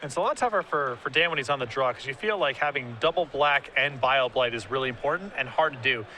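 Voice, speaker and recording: A man's voice: mid-range voice, fast, pushed and bright, a little hiss or hum. A man giving color commentary on a card game tournament, analytical with a dry sense of humor.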